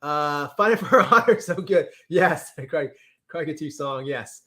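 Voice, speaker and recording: Animated male livestream host. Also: a little high, normal speed. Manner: animated, exclaiming, repeats words. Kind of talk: casual livestream chat reading comments.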